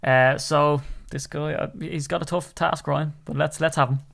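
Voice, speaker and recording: A man's voice: a little high, fairly even intonation, normal speed, gravelly. A man hosting a sports podcast, chatty and teasing, bantering with his co-host and a guest. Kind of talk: casual sports podcast chat.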